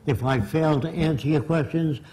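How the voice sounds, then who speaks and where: A man's voice: on the high side, normal speed, warm tone, a little hiss or hum, low-quality recording. A man giving a public lecture in a blunt, emphatic and direct way.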